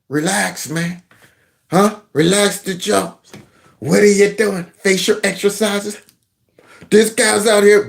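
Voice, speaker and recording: A man's voice: high-pitched, fairly even intonation, slow pace, creaky, pauses often. A man hosting his own commentary channel, mocking a clip with sarcasm and mimicry. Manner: sarcastic, mimics voices, breaks into song.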